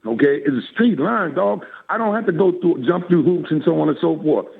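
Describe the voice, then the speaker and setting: An older man speaks over a tinny phone line, his voice a little high, gravelly and husky. His pitch swings up and down as he talks in a lively, preacherly way. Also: fairly quick. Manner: animated, preacherly, laughs often. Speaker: guest. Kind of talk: casual chat.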